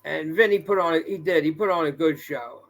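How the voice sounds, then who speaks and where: A man with a gravelly, rough-edged voice pitched a bit high joins a casual podcast chat as a guest. He tells his stories plainly and at a measured pace. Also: a crowd in the background. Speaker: guest, wrestling trainer.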